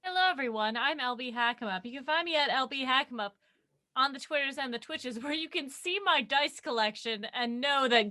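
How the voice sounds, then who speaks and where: A woman signing off as a tabletop game player, chatting in an animated, excitable, self-deprecating way. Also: high-pitched, brisk, no room sound, clean studio sound. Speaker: player, guest. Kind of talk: casual sign-off chat.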